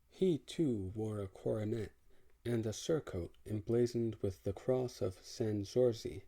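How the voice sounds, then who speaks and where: A man narrating an audiobook in the first person, in a measured, wry way. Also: fairly low pitch, creaky, warm tone.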